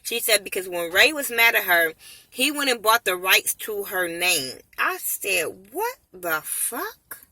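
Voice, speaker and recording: Woman reviewer, casual profane rant, sharp bright tone, dry close sound. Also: medium pitch, normal speed, dry recording, low-quality recording. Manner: blunt, profane, animated. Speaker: TV show reviewer. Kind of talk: casual ranting commentary.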